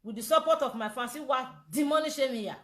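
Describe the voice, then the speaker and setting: A woman with a Nigerian accent rants for social media in a very high, bright, forceful voice. She talks loudly and slips into chanting and laughter. The echoey room rings around her phone recording. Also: a little fast. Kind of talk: animated social media rant.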